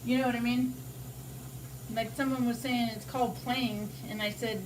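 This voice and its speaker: A woman's voice: fairly high pitch, fairly even intonation, normal speed. A woman on a live stream chatting casually, rambling and swearing freely, circling back to "you know, it's like". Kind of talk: casual chat. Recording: roomy, distant mic, faint background noise.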